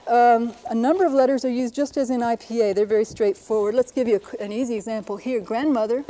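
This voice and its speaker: A woman linguist presenting a televised lesson, explaining briskly and sounding out words to demonstrate them. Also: on the high side, steady tone, dark tone, slight background noise, rough recording. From United States.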